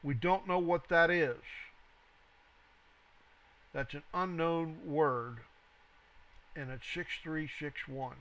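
A man reading scripture verse by verse, stressing the quoted lines and dropping to a low aside for reference numbers and notes. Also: takes it slowly, pauses often, a bit bright, low-quality recording. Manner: reads scripture aloud with rising emphasis, then cites reference numbers in a low aside. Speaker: Bible teacher.

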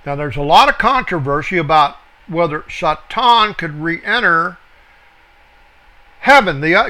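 Slow, bright-voiced male Bible teacher. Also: high voice. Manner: slow, deliberate, spells out and corrects words. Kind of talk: verse-by-verse Bible study.

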